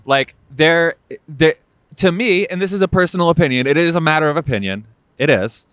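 Male podcast co-host, sarcastic, quick to laugh, dry close-mic sound. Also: fairly high pitch, fairly bright tone, no echo. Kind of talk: casual political chat.

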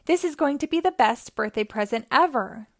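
Eager squeaky girl mouse, as a woman reads her. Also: expressive, normal speed. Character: eager young girl mouse, kind and quick.

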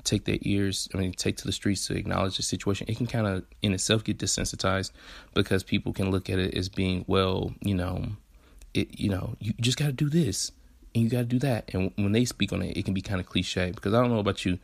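A man's voice: fairly even intonation, brisk, dry recording. A man in his twenties with a Southern US accent hosting a podcast, talking in a laid-back, candid way full of slang and swearing. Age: 20s. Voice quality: deep gravelly husky voice. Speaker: podcast host. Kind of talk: casual solo podcast monologue.

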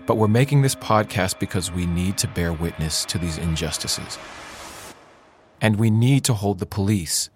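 A man co-hosting a podcast, speaking in a solemn, measured and deliberate way. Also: deep voice, lively intonation, soft background music. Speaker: podcast co-host. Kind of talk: earnest podcast narration.

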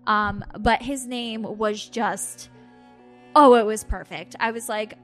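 A woman on a podcast, casually telling a personal story with animated asides and acted-out quotes. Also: a little high, a little slow, faint music behind. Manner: animated storytelling, acts out her own quotes with laughs. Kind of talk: casual chat.

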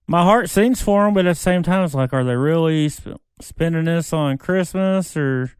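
A man's voice: fairly high pitch, normal speed, darkish tone, smooth, no echo. A man, a father, joining a podcast as a guest and chatting in a wry, laid-back way. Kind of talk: casual podcast chat.

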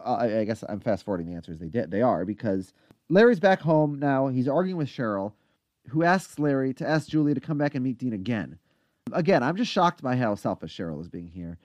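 A man's voice: medium pitch, very animated, fast, darkish tone, no room sound, highs cut off. A man co-hosting a podcast, casually recapping a TV episode in chatty detail with lots of asides. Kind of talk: casual chat.

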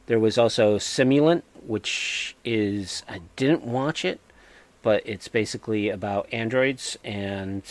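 A man with a New England accent talks through a casual podcast chat. His voice sits low and he takes his time, pausing often with fillers as he gathers his thoughts. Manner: hesitant, many filler pauses. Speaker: podcast co-host.

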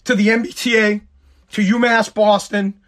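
A man with a strikingly high-pitched voice rants on his own program. He swears constantly, stumbles over words and breaks into shouts when he gets heated. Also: flat delivery, moderate pace. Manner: profane, heated, shouting at times. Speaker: show host. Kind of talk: angry rant, talk show.

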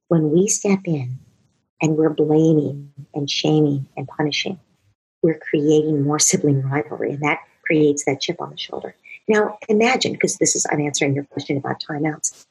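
Low, smooth-voiced woman explaining parenting. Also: a little mellow, low-quality recording. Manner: earnest, explains at length, acts out parent and child voices. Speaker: parenting expert. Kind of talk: explanatory talk answering a question.

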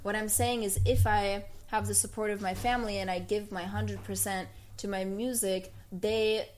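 A woman's voice: medium pitch, fairly even intonation, normal speed, darkish tone, slight background noise. A woman speaking earnestly with many fillers in a casual podcast conversation.

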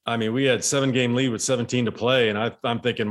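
A former baseball player telling a story in casual chat, rambling and animated with many restarts. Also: male voice, medium pitch, fast.

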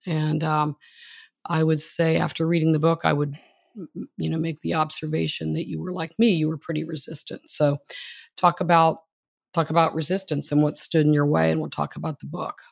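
Gravelly-voiced chatty podcast host. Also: medium pitch, little pitch movement, a little fast, no echo. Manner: chatty, admiring, conversational. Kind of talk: interview introduction and questions.

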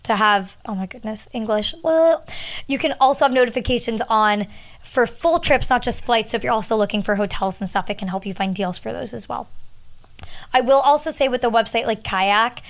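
A woman's voice: a little high, a little fast. A young woman talking casually to her audience, sharing travel tips in a chatty, rambling way with lots of fillers. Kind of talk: casual advice talk.

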